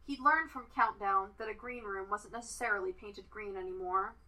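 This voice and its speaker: Woman quietly reading fan fiction aloud. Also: mid-range voice, normal speed, rough recording. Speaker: podfic reader.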